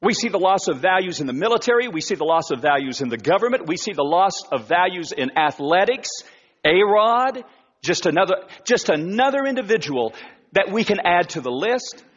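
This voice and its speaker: A man's voice: sits high, big pitch swings, normal speed, a bit bright, husky. A male pastor preaching a sermon in a church, emphatic, with repeated phrases and rhetorical questions. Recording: dull church recording with long reverb.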